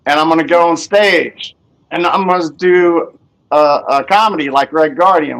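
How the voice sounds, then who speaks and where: A man's voice: on the high side, normal speed, a bit bright. Rambling man in a casual chat. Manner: rambling, retelling conversations. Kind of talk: casual online group chat.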